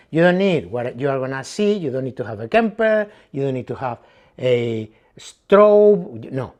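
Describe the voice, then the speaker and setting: A man's voice: mid-range voice, a little mellow. A man walking through a guitar setup step by step, repeating the key measurements as he works. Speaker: guitar tech and channel host. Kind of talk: hands-on setup tutorial.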